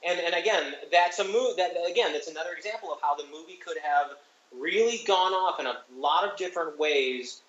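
A man with a fairly high voice weighs up a film in a thoughtful, rambling way. He is recorded on a dull, lo-fi mic in a roomy, echoey space. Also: brisk, a bit bright. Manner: thoughtful, rambling, many fillers. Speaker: podcast co-host. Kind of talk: casual film discussion.

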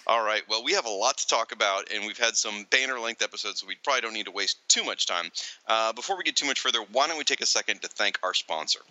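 A man's voice: lowish voice, fast, no echo, rough recording. A man co-hosting a comic book podcast, chatting casually and joking with frequent laughter. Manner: jokey, laughs often, animated. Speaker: podcast co-host.

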